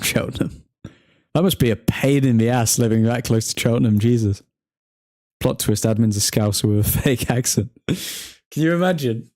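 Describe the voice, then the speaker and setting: A young man hosts a football watchalong livestream, trading jokes with the chat and laughing easily. His voice is mellow and warm, with a dry, close sound and an easy, casual delivery. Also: medium pitch, no room sound. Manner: joking banter, laughs often, talks to chat by name. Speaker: livestream host reading chat.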